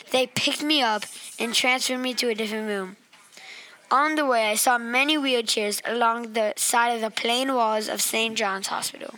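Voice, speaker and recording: Bright-voiced woman reading her own story. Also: fairly high pitch, rough recording. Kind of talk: reading a personal story aloud.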